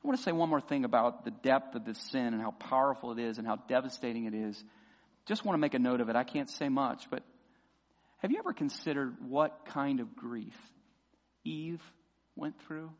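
A man preaching a sermon as pastor, passionate and building to loud emphatic peaks. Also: medium pitch, moderate pace. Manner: impassioned preaching, voices imagined prayers loudly. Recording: dull sound with long hall reverb.

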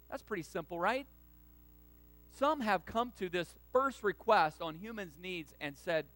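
A pastor preaching a sermon with strong emphasis, sometimes calling on the congregation to repeat a line with him. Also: male voice, high-pitched, rough recording. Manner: emphatic preaching, rising to loud stresses; asks the congregation to repeat lines.

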